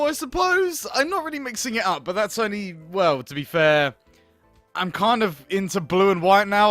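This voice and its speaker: A man's voice: sits high, sharp tone, no echo. A man doing let's play commentary on a game, grumbling, swearing and sarcastic. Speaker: gaming video host.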